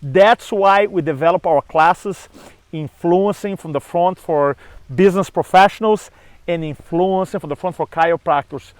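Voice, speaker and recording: Man, high-pitched, animated storyteller, dry recording. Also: normal speed, no echo, poor audio. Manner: animated storyteller acting out dialogue. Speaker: speaking coach. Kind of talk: storytelling to camera.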